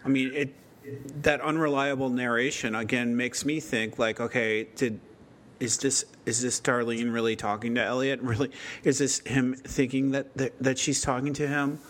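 Man musing aloud in halting questions. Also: medium pitch, flat delivery, a bit bright. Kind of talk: casual TV discussion podcast.

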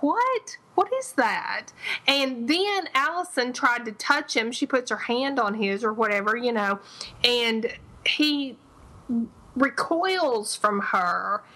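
A woman co-hosting a casual TV recap podcast, animated and acting out quoted lines. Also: fairly high pitch, low-quality recording. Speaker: podcast co-host.

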